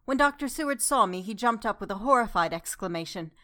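A woman reading a classic novel aloud as narrator in a calm, measured way. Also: medium pitch. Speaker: audiobook narrator. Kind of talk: scripted literary narration.

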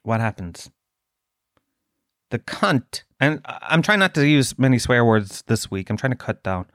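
Ranting profane podcast host. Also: male voice, mid-range voice, big pitch swings, unhurried, fairly bright tone, no echo, studio quality. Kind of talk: comic storytelling monologue.

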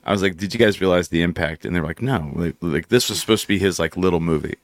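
A man's voice: low-pitched, fast, dry recording, studio quality. A man hosting a casual talk show, telling stories and acting out quotes. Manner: animated storyteller, acts out quotes. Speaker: radio show host. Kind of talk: casual chat.

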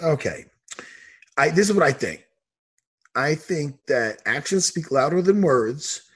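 A man's voice: fairly high pitch, animated, a little slow, husky. A man, an MMA coach, chatting casually on a podcast, ranting heatedly and swearing a lot. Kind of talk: casual chat.

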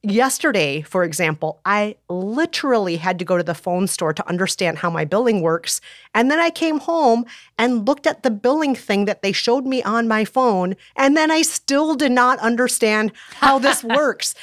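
Expressive woman podcast co-host. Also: on the high side, moderate pace, dry recording, clean studio sound. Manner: expressive, exasperated groans, self-deprecating. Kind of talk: casual chat.

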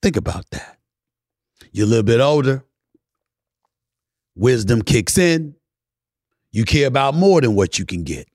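A man hosting a podcast in a casual monologue, emphatic, swinging between loud preaching and low murmurs, now and then singing bits of old soul songs. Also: lively intonation, measured pace, long pauses, no echo, clean studio sound. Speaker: podcast host.

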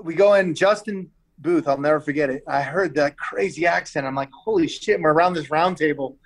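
A man guesting on a podcast, spinning a loose, rambling story in a relaxed, slangy way. His voice sits a touch higher than most men's, and he leans on "like" and "dude" and repeats words as he goes. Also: a little fast. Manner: laid-back and slangy, full of "like" and "dude". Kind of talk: casual podcast chat.

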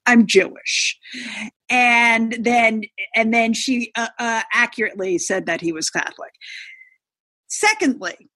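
A woman's voice: a little high, pushed and bright, no echo. A woman co-hosting a casual chat, thinking aloud as she makes her case. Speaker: podcast co-host.

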